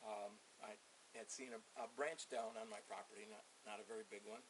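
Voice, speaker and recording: A man's voice: mid-range voice, very animated, fairly quick, creaky. An older man telling a long, meandering story to a deputy outdoors, swearing freely as he goes. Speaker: resident being questioned. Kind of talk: rambling account to a deputy. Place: outdoors in a yard. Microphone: officer's body camera. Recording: hissy body camera audio.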